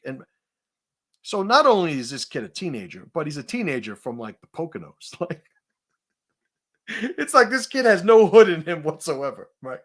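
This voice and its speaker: Animated, profane man telling a story. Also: a little high, normal speed. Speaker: host. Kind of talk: casual storytelling.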